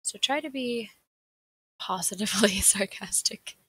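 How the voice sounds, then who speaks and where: Young Southern American woman, bright and a little husky, casual rambling livestream presenter who laughs often. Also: mid-range voice, a little slow, rough recording. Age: young adult. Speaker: seminar presenter. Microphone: desk mic on a livestream.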